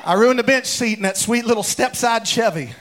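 A man's voice: very high-pitched, brisk, a little hiss or hum. A man, a pastor, preaching a humorous sermon full of folksy comic storytelling. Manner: folksy, animated, comic storytelling that bursts into shouts. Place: church sanctuary with congregation.

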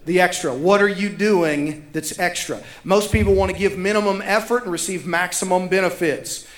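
High-voiced pastor preaching. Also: male voice, normal speed, echoey room. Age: 30s. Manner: emphatic, repeats key lines for effect. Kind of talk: sermon.

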